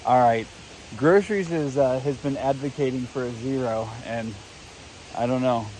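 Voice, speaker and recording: A man's voice: mid-range voice, moderate pace, darkish tone, a little hiss or hum, low-quality recording. A man casually vlogging to a handheld camera at a damp outdoor campsite, chatty and tired from hiking. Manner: chatty, upbeat, laughs easily. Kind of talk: casual trail vlog to camera.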